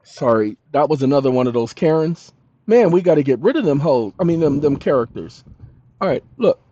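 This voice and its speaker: A man's voice: on the high side, expressive, brisk, warm tone, dry recording. A man hosting his own channel, talking to his viewers in a rambling, casual monologue that wanders from topic to topic. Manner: rambling, talks to viewers, breaks into song. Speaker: channel host. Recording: dull lo-fi dry sound.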